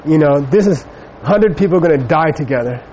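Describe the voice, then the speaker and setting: Middle-aged male dharma teacher, slightly high voice, loose anecdotal telling, faint hiss behind. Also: animated, normal speed, darkish tone, muffled recording. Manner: rambling, many fillers, storytelling. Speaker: Buddhist teacher. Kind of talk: dharma talk with personal anecdote.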